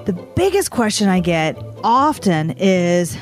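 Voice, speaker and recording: A woman's voice: fairly low pitch, takes it slowly, faint music behind. A pregnant esthetician in her forties co-hosting a podcast, chatting casually and reading an ad. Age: 40s. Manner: relaxed, chatty, spells out web addresses in the ad read. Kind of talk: casual podcast chat with ad read.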